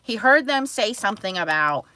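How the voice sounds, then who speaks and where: A woman's voice: mid-range voice, animated, normal speed, heavy background noise. A woman casually telling a family story to her live chat, rambling and full of filler words, laughing at herself. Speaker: mother streaming to live chat.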